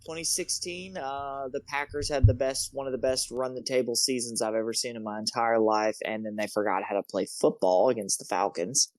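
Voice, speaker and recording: A man's voice: mid-range voice, steady tone, a little fast, hardly any pauses, no echo. A man co-hosting a casual sports podcast, swearing freely and rambling through anecdotes. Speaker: podcast co-host.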